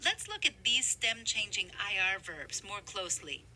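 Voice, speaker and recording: A woman narrating a scripted grammar lesson, explaining clearly with emphasis. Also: mid-range voice, big pitch swings, normal speed, bright, forceful tone, rough recording. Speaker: language instructor.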